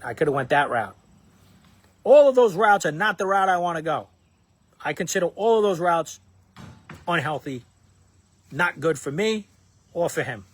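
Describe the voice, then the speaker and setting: A husky man in his thirties tells a story from his own life as a dad, speaking casually and loosely. His voice sits a little high for a man. He stops and restarts often and fills gaps with "um" and "you know," and he slips into the voices of the people in the story as he goes. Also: very animated, moderate pace, pauses often, dry recording. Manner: rambling, many fillers and restarts, acts out quoted lines. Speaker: parenting content creator.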